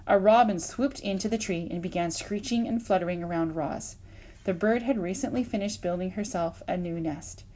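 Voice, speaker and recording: A woman reading a children's novel aloud, with expressive, lively narration and voiced sound effects. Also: fairly low pitch, moderate pace. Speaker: audiobook reader. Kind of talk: storybook read-aloud.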